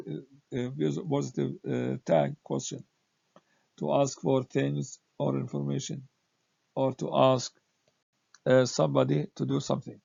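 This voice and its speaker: A man teaching a grammar lesson, speaking haltingly with many "uh" fillers as he reads example sentences aloud. The recording is dull, lo-fi and dry. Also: mid-range voice, gravelly, dark tone, slightly rough, dry recording. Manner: slow, halting delivery with frequent "uh" fillers.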